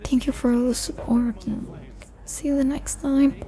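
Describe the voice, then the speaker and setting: A young woman soft-speaking for an ASMR video, rambling in a relaxed way, losing her focus and mocking herself, sometimes dropping into a whisper. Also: high voice, normal speed. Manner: rambling and self-deprecating, loses focus; soft-spoken with bits of whisper. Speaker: ASMR creator. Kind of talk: soft-spoken ASMR chat.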